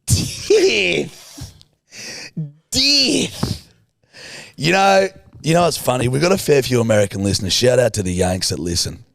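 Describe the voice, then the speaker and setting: An Australian man with a lowish voice chats on a podcast, his pitch swinging widely as he tells stories. He is blunt and swears freely. The sound is dry and close, with no room echo. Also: quick pace, few pauses. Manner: blunt, swears often, animated storytelling. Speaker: podcast co-host. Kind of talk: casual podcast chat.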